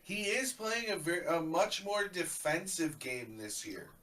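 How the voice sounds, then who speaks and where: A man hosting a casual live hockey reaction stream, chatty and quick with asides, explaining the lingo. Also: fairly high pitch, expressive, a crowd in the background. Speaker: stream host.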